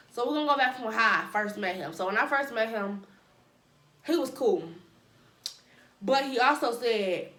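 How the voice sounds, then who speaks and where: A woman with a fairly high voice tells a personal story in a casual vlog. She throws in dramatic asides and playful sound effects. Her voice rings in a roomy, echoey space. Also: fairly bright tone. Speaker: storytime vlogger.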